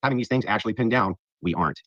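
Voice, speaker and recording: A man fires off a combative debate opening statement at a very rapid clip, his voice low and husky. The sound is dry and lo-fi, muffled like a replayed clip. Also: fairly bright tone, no room sound. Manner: combative, dismissive of his opponent. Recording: dull lo-fi clip audio.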